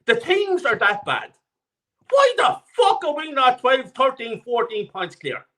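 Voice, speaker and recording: A man's voice: extremely high pitch, very animated, measured pace, pushed and bright. A man in his forties or older calling in to a live talk show, ranting angrily with constant swearing and repeating himself. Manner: angry, profane, repetitive ranting. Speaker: caller. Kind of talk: ranting call-in chat.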